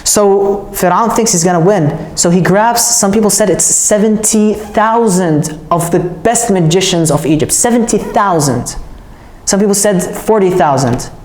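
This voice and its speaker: A woman's voice: mid-range voice, a little slow, a little mellow. A woman telling a religious story as a casual lesson, chatty and often checking in with her listeners. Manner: chatty, checks in with "all right?". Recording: roomy echo.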